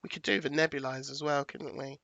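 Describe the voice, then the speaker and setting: A woman's voice: low voice, steady tone, brisk, a bit bright, no echo, muffled recording. A woman hosting a casual livestream, chatting to viewers and thinking aloud as she sets up a presentation. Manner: chatty, thanks viewers, thinks aloud while picking graphics. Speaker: livestream host.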